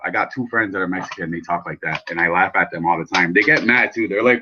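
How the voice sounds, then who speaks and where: A man with a fairly low voice hosts his own vaping channel, chatting loosely with viewers. He rambles from one thought to the next and swears freely. The sound is muffled and lo-fi. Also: quick pace, few pauses, slightly rough. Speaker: vape channel host. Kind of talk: casual live chat while building coils.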